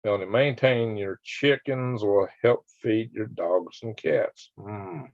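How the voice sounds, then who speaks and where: A man's voice: lowish voice, slow, vocal fry, darkish tone, no room sound. Rambling man on a lo-fi livestream. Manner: rambling, chuckling, reads comments aloud. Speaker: livestream host. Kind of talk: casual live-stream chat answering viewer comments. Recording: dull lo-fi dry sound.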